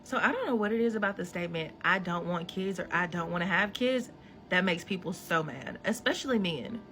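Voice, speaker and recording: A woman telling a story to camera, animated and exasperated. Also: on the low side, brisk, soft background music.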